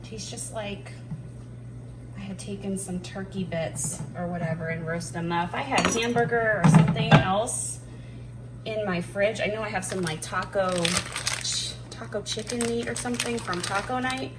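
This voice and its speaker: A woman chatting casually while she cooks at home, self-deprecating and thinking out loud as she works. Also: medium pitch, steady tone, moderate pace, heavy background noise. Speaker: homeschooling mom cooking on camera. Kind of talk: casual cooking chat. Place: home kitchen. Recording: distant mic with clattering dishes behind.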